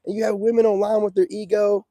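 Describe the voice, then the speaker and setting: A man's voice: high-pitched, flat delivery, fast, warm tone, dry recording. A man hosting a casual livestream, giving streetwise dating advice in a preachy manner and reacting to viewer comments.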